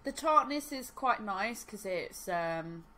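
A woman's voice: mid-range voice, lively intonation, slow pace, sharp tone, slight background noise. A woman co-hosting a podcast, chatting casually and laughing, with lots of "like" fillers. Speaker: podcast co-host. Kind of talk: casual chat.

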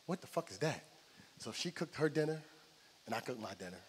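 On stage at a comedy club with an audience, a middle-aged comedian from New Jersey speaks a little fast in a medium pitch, playing both parties in each exchange as he animatedly tells his stories. It sounds like a large hall, with a little hiss or hum.

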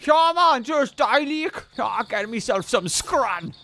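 A man giving excited gameplay commentary, yelping, shouting and laughing at the game as he plays at home. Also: very high-pitched, takes it slowly. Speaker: gaming video creator. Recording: game music playing behind the voice.

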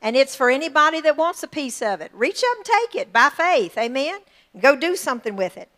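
Woman pastor, middle-aged, high-pitched, fired-up call-and-response preaching. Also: sing-song, a little fast, a bit bright. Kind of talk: sermon.

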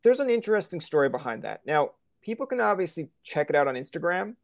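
A man's voice: fairly high pitch, sing-song, quick pace, gravelly, no room sound, clean studio sound. A man hosting a podcast interview, talking casually and rambling, with frequent stammers and restarts. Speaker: podcast host.

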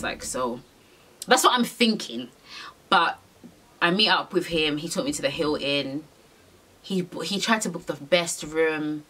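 A woman's voice: low-pitched, animated, moderate pace, long pauses, fairly bright tone, slightly rough. A young woman telling a frank, rambling storytime to camera, swearing freely and using lots of slang. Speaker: vlogger.

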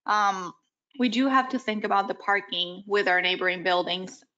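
A woman at a mid pitch speaks with a voice that is going hoarse. She talks in a measured, conciliatory way at a desk microphone in a municipal meeting room. The audio is slightly dull. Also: fairly even intonation, pushed and bright. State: losing her voice. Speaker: city board member. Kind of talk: public meeting discussion.

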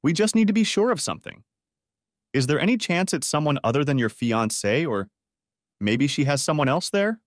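A man voicing a calm, official police dispatcher on a phone call in an audiobook story. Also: on the high side, dry recording, clean studio sound, voice pushed up. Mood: procedural. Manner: measured, official. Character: calm, procedural adult male police dispatcher.

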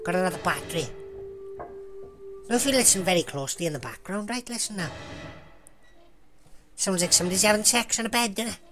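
A woman's voice: medium pitch, lively intonation, brisk, long pauses, over music. A woman giving sweary, jumpy commentary over a horror game, laughing at the scares. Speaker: let's play gamer.

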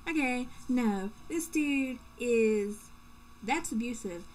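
A woman's voice: fairly high pitch, unhurried, long pauses, warm tone, a little hiss or hum. A young woman playing a video game and commenting casually, joking and swearing as she talks to herself. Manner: joking, profane, talking to herself. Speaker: let's play gamer.

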